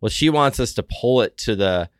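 A man co-hosting a podcast, telling a story in casual chat, animated, jumping between loud outbursts and muttered asides. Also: mid-range voice, moderate pace, clear, resonant tone, dry recording, clean studio sound. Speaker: podcast co-host.

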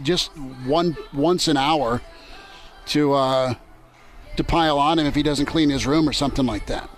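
A male sports radio host broadcasts from a ballpark in a loose, joking manner. His voice sits a little high. Faint music plays in the background. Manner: joking, loose, easygoing banter. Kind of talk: casual sports talk radio. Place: outdoors at a ballpark.

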